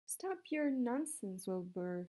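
Grumpy old sheep scolding, slow, woman putting it on. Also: fairly high pitch, sing-song, dark tone, full character voice.

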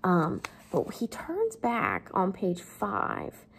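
A woman's voice: medium pitch, huge pitch swings, extremely slow, gravelly, a little hiss or hum. A woman English teacher giving a casual, chatty literature lesson, filled with fillers and the odd joke. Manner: chatty, lots of fillers, jokes.

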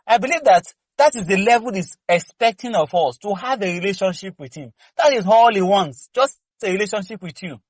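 A man's voice: sits high, animated, a little fast, few pauses, slightly rough, dry recording, poor audio. A man preaching to a congregation, exhorting fervently with rhetorical questions and candid personal stories. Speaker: lay preacher. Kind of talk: preaching teaching session.

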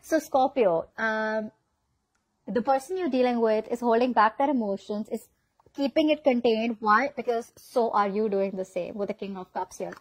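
A woman's voice: on the high side, moderate pace, no echo, poor audio. A woman giving a casual tarot reading, chatty and filled with "okay?" check-ins. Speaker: tarot reader.

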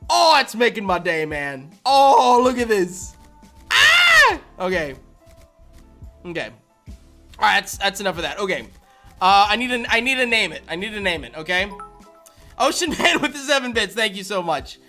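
A man streaming a video game live, chatting loosely with viewers and breaking into high, excited squeals and laughter. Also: moderate pace, soft background music. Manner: rambling chat to viewers with fillers. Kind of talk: live-stream shiny-hunt reaction.

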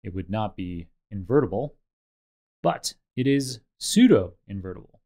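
Mellow low-voiced man teaching. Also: expressive. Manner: measured, explanatory, with occasional fillers. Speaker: instructor. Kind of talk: explaining a tutorial over slides and code.

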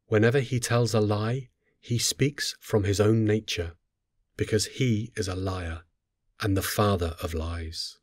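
A man with a lowish voice reads scripture solemnly and in a measured way, unhurried and steady throughout. The recording is dry and close, with no sense of room around him.

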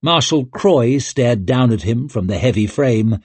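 A man reading an audiobook in a measured, expressive way, close to the mic. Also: medium pitch, husky, no room sound. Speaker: audiobook narrator. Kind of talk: scripted narration.

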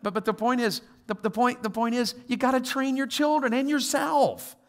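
A man preaching a sermon as a guest pastor, telling stories with quoted voices and moving from quiet asides to loud exhortation. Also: very high voice, fairly even intonation, normal speed, slight background noise.

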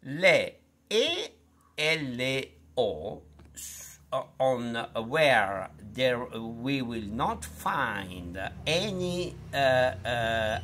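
A middle-aged man with an Italian accent, a language tutor who teaches pronunciation in a slow, unhurried way full of fillers and restarts. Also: mid-range voice, pushed and bright, a little hiss or hum.

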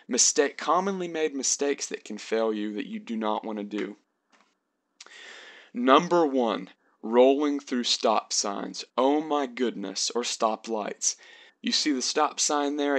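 Young guy chatting earnestly thru advice, casual vlog, restarts a lot, middle pitch. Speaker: vlogger giving advice.

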